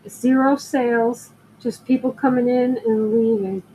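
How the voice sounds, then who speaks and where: With a slightly high, dark-toned voice, an older woman keeps a steady tone and measured pace while selling jewelry live. She greets arriving viewers and rambles through stories in a casual, chatty way. The low-quality recording has slight background noise.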